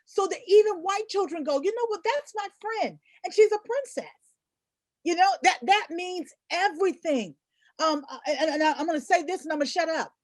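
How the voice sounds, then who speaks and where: A middle-aged woman author speaking on a panel, telling stories with lively, animated delivery. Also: sits high, dry recording. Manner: animated storyteller, acts out voices in anecdotes. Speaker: panelist, children's book author and illustrator. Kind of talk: panel discussion.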